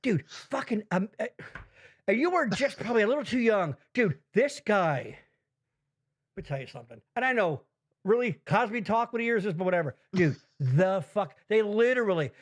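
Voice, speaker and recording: A middle-aged man hosting a podcast, talking in loud, profane, teasing banter. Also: animated, moderate pace. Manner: loud, swearing, teasing, jumps into high mock voices. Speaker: podcast host.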